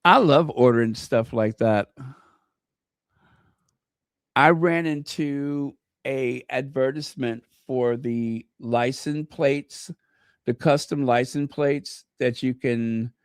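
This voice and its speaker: A man's voice: mid-range voice, slow, clean tone, dry recording, studio quality. A man hosting a casual livestream, gushing over gifts and greeting viewers by name. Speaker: channel host. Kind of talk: casual live-stream chat.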